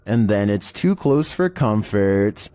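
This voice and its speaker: A man hosting and narrating a scripted countdown in a steady monotone delivery. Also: fairly low pitch, slow, noisy background. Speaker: host and narrator.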